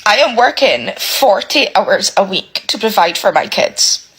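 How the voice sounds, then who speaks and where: A British woman rants to camera, her voice husky and a little breathy. She swears hard and circles back over the same words. She sounds close to tears, at a medium pitch. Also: a bit bright, low-quality recording. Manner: swears heavily, repeats herself. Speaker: single parent vlogger. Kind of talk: emotional rant to camera.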